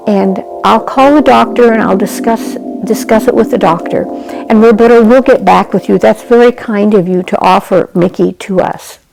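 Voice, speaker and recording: A woman voicing a calm, sensible father, speaking in a measured way in her own storytelling voice. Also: medium pitch, creaky, soft background music, lightly acted, poor audio. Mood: careful.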